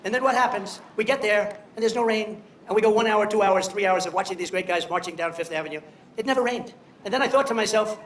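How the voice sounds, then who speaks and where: A man's voice: high-pitched, fairly even intonation, fast, a bit bright, echoey room, a little hiss or hum. An older man giving a rambling, boastful speech, telling stories and mocking people.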